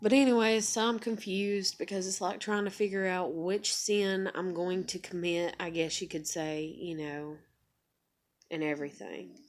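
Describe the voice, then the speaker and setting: A woman's voice: on the low side, little pitch movement, moderate pace. A young woman telling a personal story in a rambling, candid vlog, swearing freely and full of fillers. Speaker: vlogger. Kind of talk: confessional vlog monologue.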